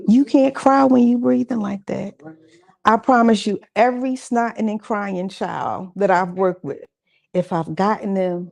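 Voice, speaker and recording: A woman's voice: mid-range voice, fairly even intonation, measured pace, gravelly, a little mellow. A woman giving a conversational, encouraging mental health talk at a church session, with casual asides to the audience. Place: church gathering with audience responses.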